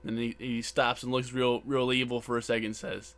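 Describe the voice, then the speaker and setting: Smooth-voiced man recapping wrestling casually. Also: mid-range voice, little pitch movement, normal speed, a bit bright. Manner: retells scenes acting out quoted lines, profane, repeats words. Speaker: podcast co-host. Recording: background buzz.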